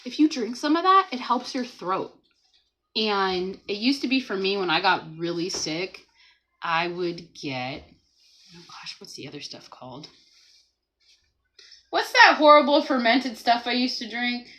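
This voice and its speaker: A woman hosting a casual livestream from home, chatting, laughing often and reading viewer comments aloud, and talking gently to a small child beside her. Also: mid-range voice, lively intonation, measured pace, pauses often, poor audio. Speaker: livestream host.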